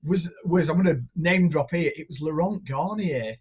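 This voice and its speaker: A man's voice: a little high, moderate pace, darkish tone, breathy edge. A middle-aged man from northern England, chatting casually and telling rambling stories as a music producer. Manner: chatty storyteller, rambling anecdotes, swears casually. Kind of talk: casual chat.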